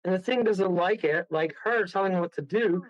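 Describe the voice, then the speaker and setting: A man telling a story as a guest on a radio show. He rambles excitedly, laughs often and keeps restarting his sentences. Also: high-pitched, fairly quick, no room sound. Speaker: guest medium. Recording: dull, dry lo-fi sound.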